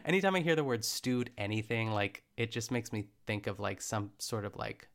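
A young man with a fairly low, creaky, slightly bright voice talks at normal speed as he casually recaps a cooking show. He's chatty and rambling, with frequent fillers and self-corrections.

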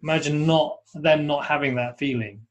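Co-hosting a live webinar, this man muses aloud casually and energetically, frequently starting over and relaying comments from the audience. He speaks at a normal speed in a voice on the higher side.

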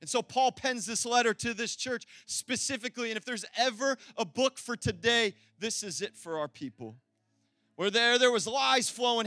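High, bright-voiced man preaching. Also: moderate pace, no room sound, clean studio sound. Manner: animated, rising to emphatic calls of "amen?". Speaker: pastor. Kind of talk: sermon.

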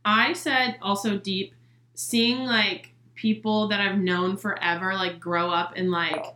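Young woman podcasting in an echoey room, bright sharp voice, says like a lot. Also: medium pitch, fairly even intonation, slow pace. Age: young adult. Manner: rambling, heavy on "like". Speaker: podcast co-host. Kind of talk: casual chat.

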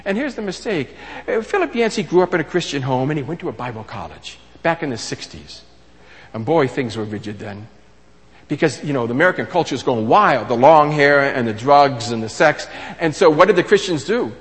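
A man's voice: fairly high pitch, very animated, fairly quick, fairly bright tone, in a large hall. A man preaching a sermon in a conversational teaching style, asking rhetorical questions and restarting phrases.

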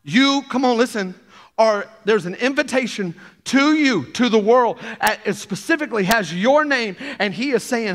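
A man preaching an energetic sermon to a congregation, often acting out playful quoted voices. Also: high-pitched, normal speed. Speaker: pastor.

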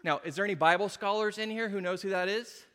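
A man's voice: high voice, fast, a bit bright, big-room sound. A man preaching a sermon, retelling a story with jokey asides and acted-out voices. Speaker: pastor. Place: church hall with congregation.

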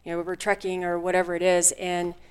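Female racer guest, smooth clear tone, candid and loose. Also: fairly low pitch, completely flat delivery, a little fast. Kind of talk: casual chat.

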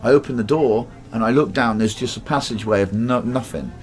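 A middle-pitched man with an English accent tells a long, rambling story about his own past. He talks casually, swears freely and slips into other people's voices as he goes. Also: a little fast. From England. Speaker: guest telling a life story.

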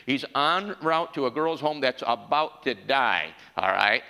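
A man preaching a sermon in a church, calling out questions to the congregation and building to an impassioned pitch. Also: a little slow, gravelly, bright, forceful tone, big-room sound, poor audio.

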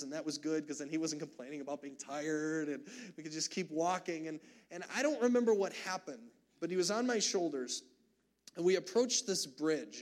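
A man in his thirties preaching a sermon in church, telling a family story earnestly with frequent restarts. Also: fairly high pitch. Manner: earnest storytelling with many restarts, growing emotional. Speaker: pastor. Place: church sanctuary.

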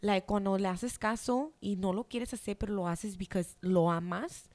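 Young woman just chatting, spanglish, cusses a lot, normal pitch. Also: normal speed, a little mellow. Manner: swears freely, switches between English and Spanish. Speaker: podcast co-host. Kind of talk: casual chat.

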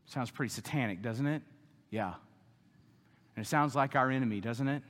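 Heard through long hall reverb, a pastor with a medium-pitched voice preaches at a moderate pace. His delivery is emphatic, and at times he takes on the voices of the grumbling Israelites.

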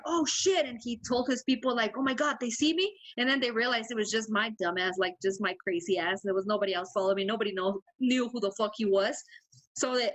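A woman's voice: a little high, poor audio. A young woman co-hosting a podcast, telling a rowdy story in casual chat, swearing freely and acting out quotes. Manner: animated, swears a lot, acts out quotes. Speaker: podcast co-host.

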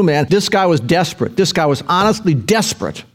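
A man's voice: a little high, lively intonation, moderate pace, hardly any pauses. Man preaching with folksy emphasis. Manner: preaching with folksy asides and bursts of rising emphasis. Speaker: pastor. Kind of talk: sermon.

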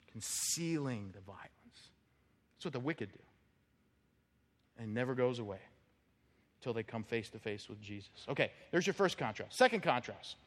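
Animated preacher in an echoing church. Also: male voice, on the high side, fairly quick. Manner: animated, acts out quoted voices, repeats words when building up. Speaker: pastor. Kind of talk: sermon. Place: church sanctuary. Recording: long reverb of a church hall.

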